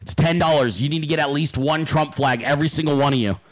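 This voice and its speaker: A male podcast host ranting hard, his voice sitting a little higher than most men's. He swears freely and hammers his points through repetition, sounding heated and fully committed. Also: quick pace. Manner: heated, profane, emphatic. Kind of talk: angry political rant.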